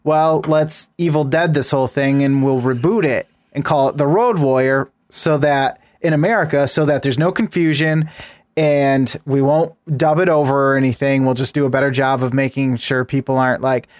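A man's voice: mid-range voice, fairly even intonation, normal speed, no echo, studio quality. A man co-hosting a casual chat, laughing often and explaining at length with fillers. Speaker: podcast co-host.

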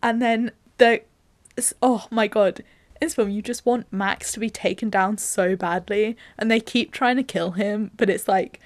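A woman's voice: medium pitch, steady tone, unhurried, no echo. Chatty woman recapping a film, dry sound. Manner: chatty storyteller, walks through scenes with lots of "like". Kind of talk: casual chat recapping a film.

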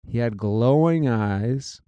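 A man telling a personal story in a casual, animated way, acting out what people said. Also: medium pitch, takes it slowly, clean tone, dry recording, lo-fi sound. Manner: animated, quotes people in their own voices.

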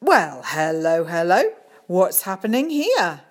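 A jolly, booming male head teacher from a children's story, as a woman voices him. He speaks loudly and heartily, with warm, easy cheer. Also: big pitch swings, slow pace, exaggerated voice. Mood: cheery. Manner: loud, jovial.

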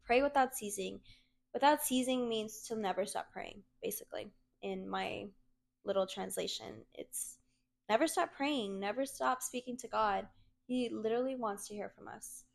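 A young woman with a fairly high voice talks about faith in a casual, earnest way. She is chatty and speaks straight to her viewers as if to friends. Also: normal speed, creaky. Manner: earnest, chatty, repeats "literally" often. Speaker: Christian content creator. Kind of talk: casual faith talk to camera.

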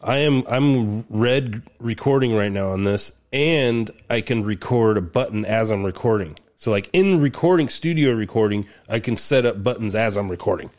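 A man's voice: on the low side, lively intonation, normal speed, few pauses, a little mellow. Rambling casual man testing his setup. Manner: rambling, laughs at himself, many restarts. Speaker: podcast co-host. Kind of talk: casual chat.

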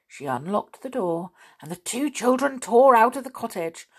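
A woman's voice: fairly high pitch, very animated, moderate pace, few pauses, slightly rough. A woman reading a children's story aloud expressively, with asides to the listener.

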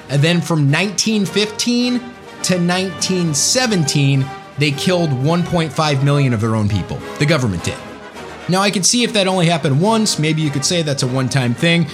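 Animated sarcastic man ranting. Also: a little high. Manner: sarcastic, emphatic, jokey. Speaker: commentary host. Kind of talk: ranting political commentary.

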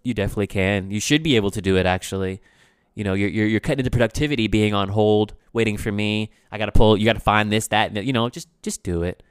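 A man talks through his solo podcast in a loose, rambling way, leaning on "you know" and jumping from loud outbursts to hushed asides. His voice is smooth and resonant, and it sits dry and close with no room around it. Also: lowish voice, quick pace, dry recording. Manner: loose, rambling, frequent "you know what I'm saying"; swings between loud bursts and quiet asides. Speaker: podcast host. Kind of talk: casual solo podcast chat.

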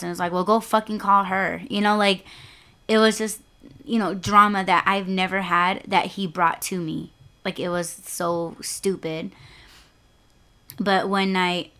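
A woman's voice: lowish voice, a bit bright, clean tone. A young woman hosting her own podcast, telling a personal story in a casual, chatty way, swearing freely and leaning hard on "like" and "you know". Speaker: podcast host.

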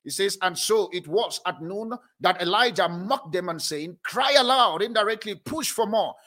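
Male pastor, high bright voice, emphatic sermon delivery, slow scripture reading. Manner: preaching with emphatic declarations and slow drawn-out reading.

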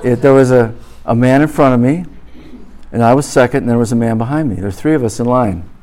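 A man's voice: medium pitch, quick pace, dark tone. A middle-aged man, a pastor, preaching a sermon before a live audience, telling a humorous story with comic exaggeration and then moving into a blessing.

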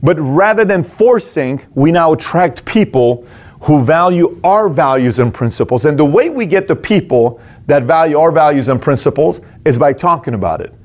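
A man's voice: fairly high pitch, lively intonation, normal speed. Punchy man giving a business lesson. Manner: direct, punchy, full of rhetorical questions. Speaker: business leader teaching management. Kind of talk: motivational business talk.

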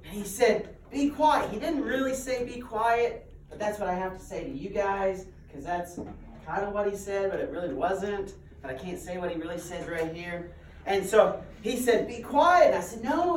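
A male preacher telling funny, self-deprecating stories to a congregation. His voice sits fairly high and reaches a distant mic, so it sounds roomy and echoey. A faint hiss of room noise stays underneath. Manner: self-deprecating, animated storyteller. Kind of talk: humorous storytelling sermon.

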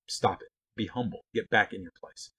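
A man's voice: lowish voice, normal speed, a bit bright, slightly rough. A man giving a conversational Bible teaching, blunt and folksy, full of rhetorical questions and asides.

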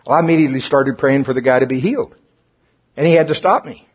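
A man preaching a sermon to a congregation in a folksy, animated way, his voice climbing at the high points, his mouth getting dry. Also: quick pace, breathy edge. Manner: animated, folksy, rises in pitch and volume at climaxes. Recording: dull lo-fi sound.

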